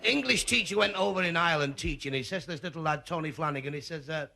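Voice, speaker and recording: A man with a Mancunian accent telling stand-up jokes, brisk and deadpan on the punchlines. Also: on the high side, vocal fry, noisy background. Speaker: stand-up comedian. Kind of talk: stand-up comedy.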